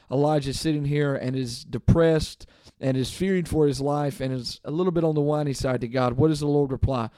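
A man's voice: on the high side, steady tone, a little fast, mellow, no echo, clean studio sound. Casual man leading a podcast Bible study. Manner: casual and conversational, often adding "okay?". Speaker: podcast host and Bible teacher. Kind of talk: devotional Bible talk.

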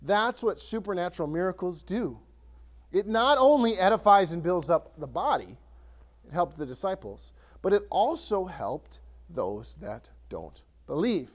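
A man preaching a sermon as pastor, conversational and animated, often restarting his sentences and acting out scripture. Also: high-pitched, a little slow.

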